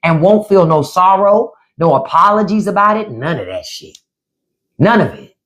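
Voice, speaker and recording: A middle-aged woman hosts a casual political commentary livestream, talking at normal speed with a lively pitch that swings up and down. Animated, blunt and profane, she keeps mimicking the people she's discussing in mocking voices.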